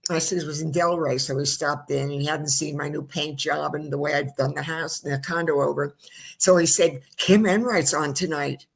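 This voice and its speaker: A woman's voice: deep voice, flat delivery, fairly quick, vocal fry, husky. A middle-aged woman hosting a live-streamed talk show, telling long rambling stories in a chatty way. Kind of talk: casual chat. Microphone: streamed studio mic.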